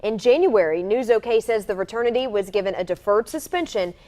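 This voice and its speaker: A woman with a Southern accent co-anchoring a morning TV newscast, narrating news clips in an animated way. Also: mid-range voice, fairly quick.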